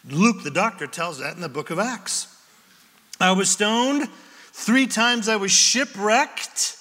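A man's voice: high voice, slow pace, pushed and bright, long reverb tail. A man preaching a sermon as pastor, in a conversational way with wry humor.

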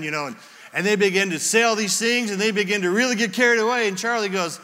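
A man's voice: high-pitched, expressive, quick pace, pushed and bright, big-room sound. A man preaching as a pastor, telling a story with acted-out quotes. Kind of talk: sermon.

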